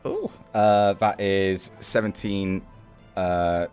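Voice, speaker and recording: A British man with a very low voice plays a tabletop game, excitable and quick to laugh. He swears casually as he tallies hits. Faint music runs behind him. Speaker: player.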